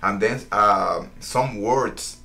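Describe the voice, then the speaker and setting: A man from Puerto Rico whose first language is Spanish, speaking English with a strong Puerto Rican accent and pausing often to search for words. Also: lowish voice, gravelly, sharp tone. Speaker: guest, fighter and coach. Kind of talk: casual interview.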